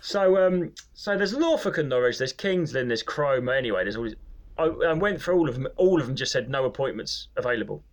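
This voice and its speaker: A man's voice: fairly high pitch, lively intonation, brisk. A man, a comedian, grumbling and telling anecdotes in casual podcast chat, swearing freely.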